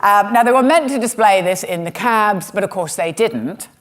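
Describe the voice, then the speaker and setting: A woman's voice: medium pitch, normal speed. A woman comedian telling a history story on stage with wry, sarcastic asides. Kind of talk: stand-up storytelling talk. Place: stage in a museum.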